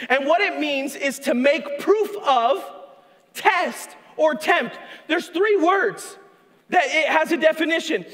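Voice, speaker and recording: A man preaching a sermon as a pastor, animated, acting out a tempter's voice and shouting for emphasis. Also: very high-pitched. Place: church sanctuary. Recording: long echo of a church hall.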